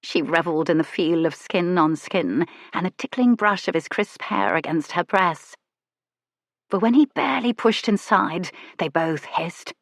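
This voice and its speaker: A woman reads a historical romance audiobook in a soft, measured, intimate voice. Her voice sits fairly low and is recorded close and dry, with no room sound. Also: animated, no echo. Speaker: audiobook narrator. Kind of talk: scripted romance narration.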